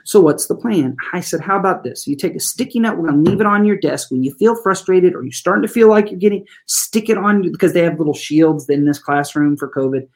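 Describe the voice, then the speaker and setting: A school staff member who works with children, telling stories in an interview in an animated, folksy way and addressing listeners as "y'all". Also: medium pitch, brisk, hardly any pauses. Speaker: school trauma-informed support staff. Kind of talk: storytelling in an interview.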